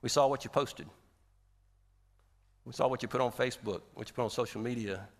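A male pastor giving a sermon in a conversational, animated way, asking the audience rhetorical questions. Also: medium pitch, brisk.

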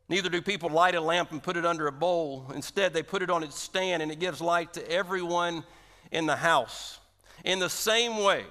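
Pastor guy preaching, kinda high voice, punches the repeated lines, long church echo. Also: bright, forceful tone. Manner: emphatic, rising to strong emphasis on repeated phrases. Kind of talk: sermon. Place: church sanctuary. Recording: long hall reverb.

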